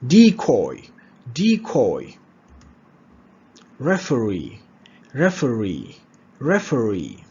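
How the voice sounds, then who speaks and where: A husky-voiced man leads a slow pronunciation lesson, saying each example word again and again. His pitch rises and falls a lot as he drills, and the recording sounds dull and lo-fi. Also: huge pitch swings, darkish tone. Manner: repeats words slowly, checks in with "all right?". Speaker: pronunciation teacher.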